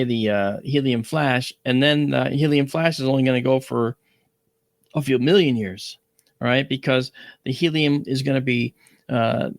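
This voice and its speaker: A man's voice: medium pitch, gravelly, dry recording. A man hosting an astronomy show, explaining in a casual way with analogies and frequent check-ins. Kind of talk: casual educational talk.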